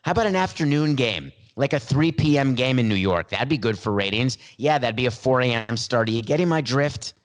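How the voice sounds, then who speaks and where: A man's voice: mid-range voice, expressive, fairly quick, hardly any pauses. A man hosting a sports talk podcast, delivering a sarcastic, playful monologue with theatrical emphasis and asides, into a studio mic. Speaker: podcast host.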